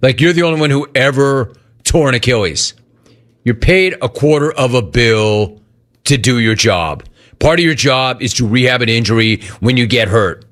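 A man's voice: medium pitch, normal speed, a bit bright. A man hosting sports talk radio, ranting in a sarcastic, mocking way.

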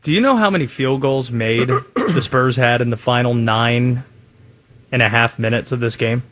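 A man hosting a sports talk radio show, talking in a wry, animated way. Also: medium pitch, moderate pace, a little hiss or hum.

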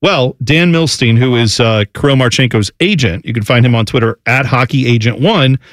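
Co-hosting a casual sports talk show in a dry recording, a man with a mid-range voice talks in a lively, mocking way and drops into quick impressions of others.

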